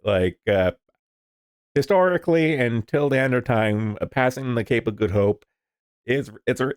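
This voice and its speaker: A man's voice: fairly low pitch, dry recording, clean studio sound. A man casually commenting on the news, rambling and swearing, with lots of fillers. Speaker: streamer reading the news.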